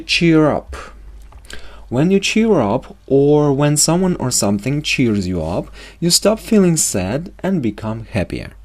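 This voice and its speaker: A man gives a bilingual English lesson into a close mic. His voice moves lively up and down in a middle pitch. He reads example sentences slowly and clearly, then explains them quickly. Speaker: English teacher.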